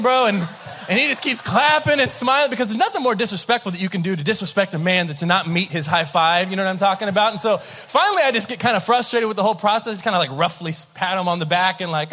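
A man in his thirties preaching a sermon, telling a story with lively acted-out voices and laughter. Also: sits high. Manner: animated storyteller, acts out voices, laughs along. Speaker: pastor. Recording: large hall with long reverb.

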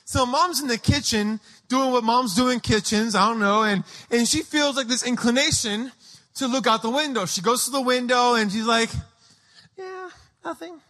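A man preaching a sermon, telling a family story in an animated way and acting out each scene. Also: very high voice, normal speed.

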